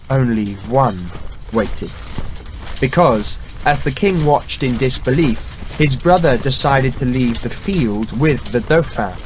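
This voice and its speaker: A man reading a historical novel aloud in measured, dramatic audiobook narration. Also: mid-range voice, a little hiss or hum. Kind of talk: scripted narration. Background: faint background music.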